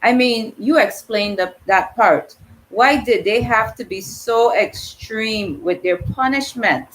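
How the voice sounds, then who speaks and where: A woman's voice: a little high, poor audio. A woman reading as a grieving Crucian woman. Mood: earnest. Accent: Virgin Islands Crucian. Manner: slow, earnest, emotional. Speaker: reader voicing a dialogue character. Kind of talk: dramatic reading of a dialogue.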